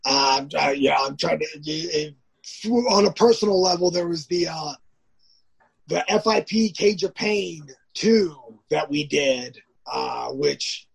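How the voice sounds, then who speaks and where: A man's voice: fairly high pitch, slow, creaky, slightly rough. A man, a professional wrestler as a guest, telling stories casually. He rambles, restarts often and acts out the lines of others. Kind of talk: casual storytelling.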